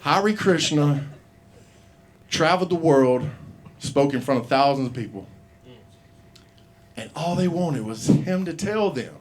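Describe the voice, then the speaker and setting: A man's voice: on the high side, lively intonation, slow pace, pauses often. A middle-aged man doing open mic stand-up, rambling and profane, laughing at his own jokes in a small comedy bar.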